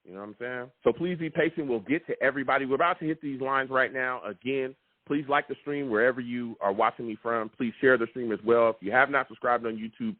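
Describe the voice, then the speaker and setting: Excitable man hosting a tinny call-in show. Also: mid-range voice, no room sound. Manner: excitable, emphatic, repeats himself. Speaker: sports talk show host. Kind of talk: live call-in sports podcast. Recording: tinny phone-like, dry sound.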